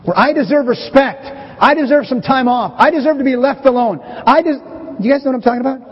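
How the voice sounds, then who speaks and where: A middle-aged pastor preaching a conversational, animated sermon to his church. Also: extremely high pitch, fairly quick, slightly rough. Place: church sanctuary. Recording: dull, hazy recording with long church reverb.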